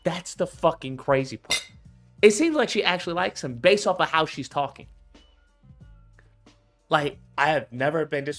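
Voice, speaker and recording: A man talks through video clips in a casual, cursing riff. His voice sits a bit high and swings widely in pitch. He keeps slipping into voices to mimic the people he mocks. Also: normal speed, long pauses, soft background music. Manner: animated, profane, acts out quoted voices. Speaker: commentator reacting to clips. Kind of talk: casual reaction commentary.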